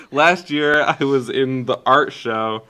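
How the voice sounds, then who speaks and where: A man's voice: mid-range voice, slow, bright, forceful tone, smooth. A young man co-hosting a podcast, giggling often as he reads old school work aloud in a casual chat. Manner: giggly, reads with frequent laughter. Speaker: podcast co-host.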